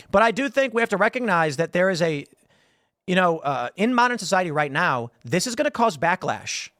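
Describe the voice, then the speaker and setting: A man's voice: high-pitched, fairly bright tone, no room sound, studio quality. A man hosting his own show, giving rambling, emphatic opinion commentary and speaking straight to his listeners. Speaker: show host.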